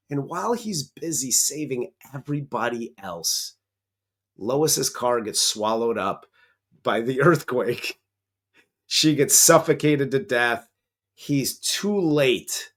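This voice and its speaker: A man's voice: mid-range voice, fairly bright tone. A man co-hosting a movie review, retelling the plot in a casual, profane, joking way. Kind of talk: casual comedic film recap.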